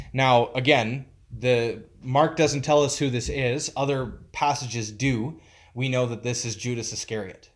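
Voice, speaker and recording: Man, pastor, conversational sermon, mid-pitched, emphatic, halting pauses. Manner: informal and emphatic, halting to search for words.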